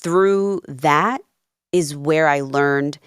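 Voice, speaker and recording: A woman's voice: low-pitched, extremely slow, smooth, dry recording, clean studio sound. A woman from New Jersey with Peruvian roots, a life coach telling her story earnestly as a podcast guest. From New Jersey, of Peruvian family. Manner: earnest, animated retelling with quoted dialogue. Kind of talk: candid storytelling in a podcast interview.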